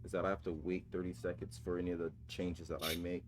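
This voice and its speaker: A man's voice: sits low, level tone, fast talker, a little hiss or hum. A man hosting a watch party stream, chatting casually and rambling while he checks audio levels. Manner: fussing over audio levels, loose and rambling. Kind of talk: casual chat.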